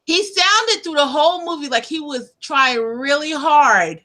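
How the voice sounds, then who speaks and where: A woman interviewing a guest in a loose, chatty way, often laughing and leaving her sentences hanging. Her voice sits fairly high and has a bright, sharp edge. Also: animated, measured pace. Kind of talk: casual chat about films.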